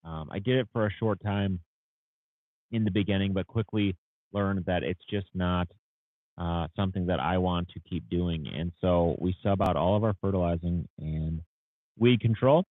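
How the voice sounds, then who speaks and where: A man's voice: low voice, moderate pace, no room sound. A man who runs a landscaping business, talking casually on a livestream, tired and yawning, rambling with lots of fillers. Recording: tinny phone-like audio.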